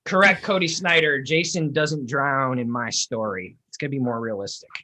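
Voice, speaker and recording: Bright, jokey man chatting about a movie. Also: medium pitch, normal speed. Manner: jokey, laughs often. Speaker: podcast host. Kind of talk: casual movie watch-along chat.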